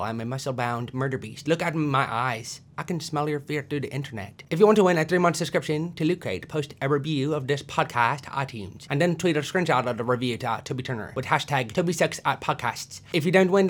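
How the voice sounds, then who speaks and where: A man's voice: mid-range voice, fairly bright tone, close to an everyday voice. A man voicing a boastful, sarcastic male pet beast who says he is a caged killer, introducing a comedy podcast. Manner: mock-menacing, sarcastic.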